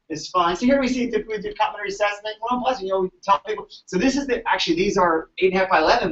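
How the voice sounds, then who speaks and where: Male chiropractor, fairly high voice, animated storyteller, recorded from across an echoey room on a dull mic. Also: recorded from a distance. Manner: animated, chatty, keeps asking "right?". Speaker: chiropractor presenting to colleagues. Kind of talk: storytelling talk to an audience.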